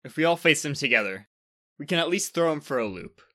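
A man voicing the planet Earth as a proud, sharp-tongued woman in a storybook reading, speaking in a raised, indignant tone. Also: fairly high pitch, expressive, brisk, voice pushed up. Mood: defiant. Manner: indignant, sarcastic.

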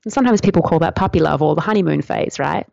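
A woman with a lowish voice that slips into gravelly fry, speaking in a flowing, earnest way as she teaches a listener. The sound is dry and a little dull, like a lo-fi podcast feed. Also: fast, no echo. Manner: flowing, earnest, gently instructive. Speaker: tantra teacher, podcast guest. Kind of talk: podcast interview answer.

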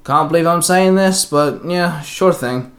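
A man's voice: fairly high pitch, measured pace, fairly bright tone. Man doing a stern team leader.

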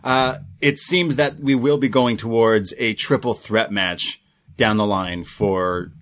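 A man co-hosting a podcast, recapping events in a relaxed, rambling play-by-play with plenty of fillers. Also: fairly low pitch, takes it slowly. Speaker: podcast co-host. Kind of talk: casual recap chat.

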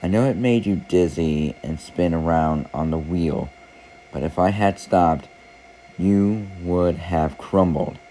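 A man playing a patient, slow-spoken old potter. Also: low-pitched, a little hiss or hum, low-quality recording. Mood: gentle. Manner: slow, gentle explaining. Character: patient calm male potter, master craftsman.

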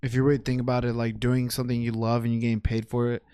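A man's voice: medium pitch, little pitch movement, rapid-fire, mellow, smooth, no room sound, studio quality. A young man co-hosting a podcast, talking casually and profanely, laughing often and mimicking people. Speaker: podcast co-host. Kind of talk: casual chat.

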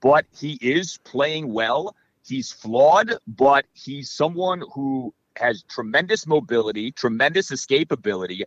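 Male guest analyst, chatty and lively, dry and slightly muffled recording. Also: medium pitch, a little slow, dry recording. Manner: animated, analytical, many fillers. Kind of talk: casual podcast chat.

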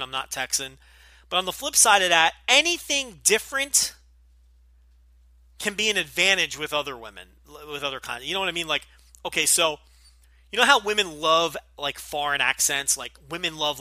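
A man with a New Jersey accent hosts a podcast Q&A in a bright, forceful voice that sits slightly high for a man. He talks bluntly and swears freely, dry and close to the mic. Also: dry recording. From Northeastern US, New Jersey. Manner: blunt, profane, opinionated. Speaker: podcast host. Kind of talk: casual Q&A podcast.

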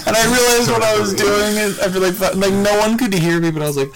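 Higher-voiced man telling animated stories. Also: quick pace, a loud crowd, rough recording. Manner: animated storyteller, acts out quotes. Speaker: podcast co-host. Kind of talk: casual chat.

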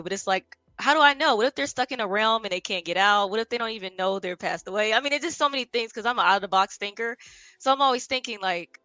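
A woman's voice: medium pitch, brisk, bright, forceful tone, no echo. A woman hosting a casual interview, thinking aloud in a reflective, chatty way. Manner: reflective, casual, many fillers. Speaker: podcast host.

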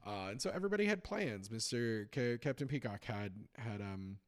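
A man's voice: mid-range voice, normal speed. Man host, chatty recap; rambles, restarts, lots of fillers. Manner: rambling, with many fillers and restarts, animated when retelling jokes. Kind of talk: casual episode recap.

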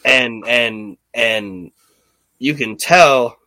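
Bright-voiced man rambling through a recap. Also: mid-range voice, extremely slow, slight background noise. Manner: rambling, profane, animated retelling with quoted voices. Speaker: podcast host. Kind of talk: casual wrestling recap chat.

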